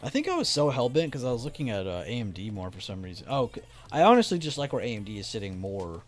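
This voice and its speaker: On a stock trading live stream, a young man chats casually, reading the chat and talking loosely with restarts. His mid-range voice is sing-song and quick, with faint music in the background.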